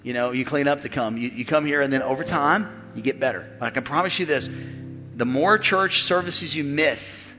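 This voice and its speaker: A man preaching a sermon as pastor, animated and joking with the congregation in a large church. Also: medium pitch, normal speed. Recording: long hall reverb with faint music.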